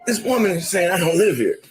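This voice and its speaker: A man's voice: high-pitched, sing-song, normal speed, loud music behind the voice, poor audio. A young man outdoors outside his house, exasperated and laughing in disbelief as he films a confrontation.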